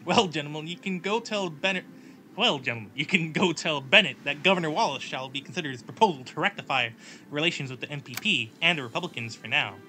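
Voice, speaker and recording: A man's voice: on the high side, sing-song, brisk, bright, forceful tone, slight background noise, full character voice. A man voicing a scheming, menacing Southern governor in a game story he narrates, speaking in a sly, mocking way. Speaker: in-game story character voiced by player.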